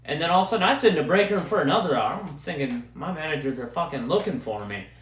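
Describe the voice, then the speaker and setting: A young man hosting a podcast, ranting casually and profanely as an excitable sports fan. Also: fairly high pitch, fast, reverberant, slight background noise. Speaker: podcast host. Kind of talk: casual solo rant.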